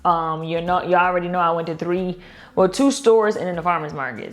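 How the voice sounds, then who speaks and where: A woman's voice: lowish voice, brisk. Chatty Baltimore woman vlogging. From Baltimore, Maryland. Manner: chatty, addresses viewers as "girl" and "y'all". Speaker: lifestyle vlogger. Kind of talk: casual vlog chat.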